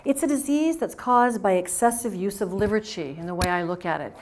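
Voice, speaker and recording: A woman's voice: medium pitch, brisk. A woman speaking at a conference, telling client stories and acting out the dialogue in them. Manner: animated, acts out the dialogue of her stories. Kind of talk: lecture storytelling. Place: conference hall.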